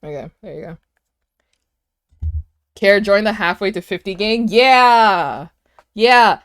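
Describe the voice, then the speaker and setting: A woman in her twenties streaming from home, chatting casually and excitedly with her viewers, with lots of "like" fillers. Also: medium pitch, normal speed.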